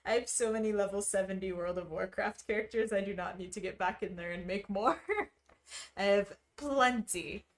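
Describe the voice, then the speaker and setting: A woman's voice: medium pitch, moderate pace. Woman, casual stream chat, wry, laughs a lot, talks to chat. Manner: chatty, laughs often, wry asides. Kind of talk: casual chat while stitching, reading chat.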